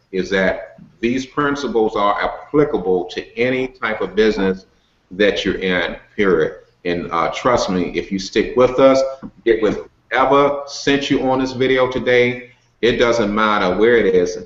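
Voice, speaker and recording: A man with a lowish voice, fairly bright tone, and roomy sound acts as an upbeat network-marketing coach on a casual motivational group video call. Folksy and chatty, he leans on lots of "you know" and "okay" fillers, and the call audio is dull and lo-fi.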